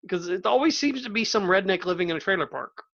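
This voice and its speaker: A man with a high voice hosts a casual podcast and spins a playful, rambling story. The sound is a little dull and lo-fi. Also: animated, fast, creaky, a bit bright. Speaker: podcast host. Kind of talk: casual chat.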